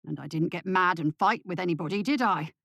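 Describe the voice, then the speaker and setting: Woman voicing a remorseful dad, earnest and pleading, lowered voice, audio story. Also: a little fast, gravelly, fairly bright tone, no room sound, studio quality. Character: man, a remorseful father pleading his sobriety.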